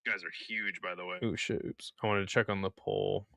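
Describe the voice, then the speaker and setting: A man's voice: low voice, fairly even intonation, a little fast, vocal fry, sharp tone, no echo. A young man hosting a live stream, giving casual play-by-play in a laid-back, slangy way and chatting with viewers.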